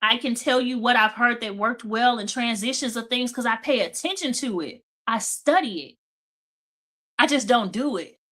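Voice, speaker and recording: A tired woman hosts a casual devotional talk, her voice bright and slightly high. She chats loosely and keeps turning back to her listeners with "right?" and "okay?" as she goes. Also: normal speed. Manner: chatty, repeats "okay?" and "right?". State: tired, yawning. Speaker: host of a devotional talk show.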